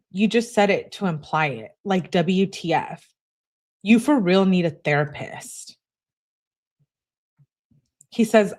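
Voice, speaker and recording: Young woman, livestream host, lower pitch, casual commentary voice, reads texts aloud with chatty asides. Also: darkish tone. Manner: reads messages aloud, interjects reactions to chat. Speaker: livestream host reading text messages.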